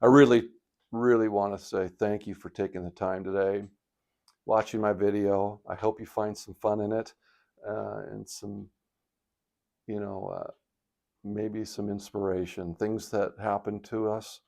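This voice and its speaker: An older man in retirement telling a personal story on his video blog, reflective and halting with a touch of emotion, sitting by a fire at home. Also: lowish voice, flat delivery, creaky, a little mellow. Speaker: vlogger. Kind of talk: casual storytelling. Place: indoors by a fireplace at home.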